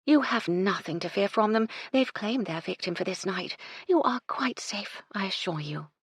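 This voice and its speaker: A woman voicing a mystical, condescending bohemian woman who speaks in drawn-out, mysterious murmurs. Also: a little high, sing-song, slightly rough, dry recording, clean studio sound, pitched above the performer's own voice, exaggerated voice. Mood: eerie.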